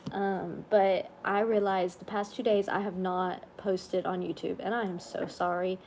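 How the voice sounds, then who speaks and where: A woman's voice: medium pitch, level tone, unhurried, a little hiss or hum. A woman chatting on a casual livestream, tired and under the weather, rambling and yawning. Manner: rambling, yawning, soft-spoken asides. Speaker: vlogger on a livestream.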